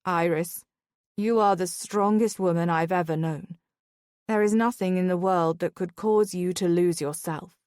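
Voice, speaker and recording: A woman reading a romance audiobook, voicing a sincere young nobleman in a tender, slightly lowered voice. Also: steady tone, a little slow, darkish tone, clean tone, no room sound, studio quality, close to an everyday voice. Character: earnest devoted young nobleman, a reformed rogue.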